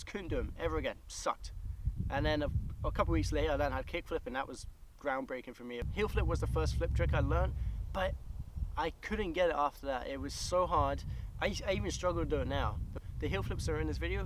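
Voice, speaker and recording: A young man vlogging casually about skateboard tricks, chatty and loose with lots of fillers. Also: on the high side. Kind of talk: casual tutorial talk. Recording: outdoor recording with loud background noise.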